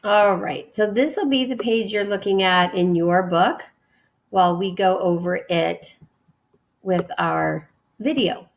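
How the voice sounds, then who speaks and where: Creaky-voiced woman teaching a class. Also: medium pitch, slow. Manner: reads example sentences aloud with emphasis. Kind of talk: remote classroom lesson.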